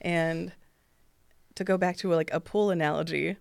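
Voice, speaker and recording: A woman's voice: fairly low pitch, fairly even intonation, moderate pace, vocal fry, darkish tone, smooth, no echo, studio quality. A woman interviewing an improv teacher, encouraging him with short replies. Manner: supportive, brief affirmations. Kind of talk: conversational interview.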